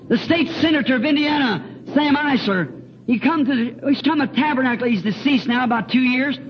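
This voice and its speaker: A man's voice: extremely high pitch, brisk. A man preaching an earnest, emotional sermon, repeating words and breaking into hymn lines. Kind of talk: fervent sermon with personal testimony. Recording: dull lo-fi recording with faint hiss.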